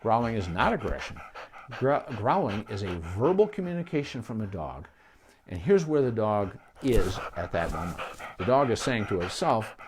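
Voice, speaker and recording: A man who is a veterinarian, giving a casual instructional talk to camera in an animated way, with restarts and asides, and dropping softly when he models calm praise. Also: lowish voice, normal speed, a little hiss or hum. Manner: drops to a soft voice for calm praise.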